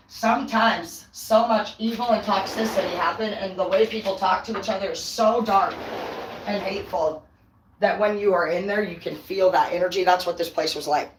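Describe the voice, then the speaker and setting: A woman in the middle range of pitch tells a personal story straight to camera. She rambles, circles back and swears constantly, calling the listener "dude" and "bro". The delivery is heated and conversational. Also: a bit bright. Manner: rambling, with frequent restarts and fillers. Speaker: vlogger telling a personal story. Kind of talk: casual storytelling monologue.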